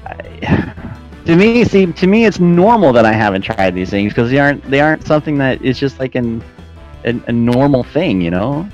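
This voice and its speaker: Animated man telling a story. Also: medium pitch, normal speed, lo-fi sound, faint music behind. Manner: animated, laughing, says "dude" and "man". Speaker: podcast guest, flight sim air traffic controller. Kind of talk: casual chat, storytelling.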